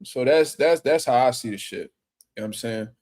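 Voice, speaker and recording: Animated profane man commentating on boxing. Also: medium pitch, brisk. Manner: animated, profane, slangy street talk with mocking impressions. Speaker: boxing show host. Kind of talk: casual livestream commentary reading chat.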